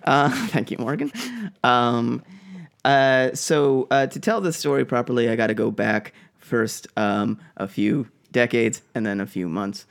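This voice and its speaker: A man's voice: mid-range voice, unhurried, creaky. A man from Boston co-hosting a podcast, telling a rambling story with lots of "like" and "um" in casual chat. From Boston, USA. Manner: rambling, hesitant, full of "like" and "um". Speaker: podcast co-host.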